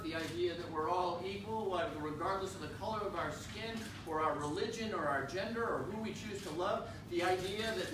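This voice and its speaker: Congressman-type speaker rallying supporters; emphatic, slightly high voice, distant and echoey. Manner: impassioned, emphatic, slowing for stress. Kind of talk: campaign rally speech. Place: indoor town political rally. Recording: echoey room, distant mic, noisy.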